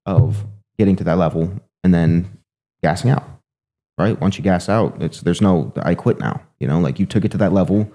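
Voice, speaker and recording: A man's voice: low-pitched, warm tone. A man telling a fight story in casual, profane talk, rambling with lots of "you know" and "right". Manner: fast, rambling, heavy swearing, filler "you know". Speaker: guest, MMA fighter.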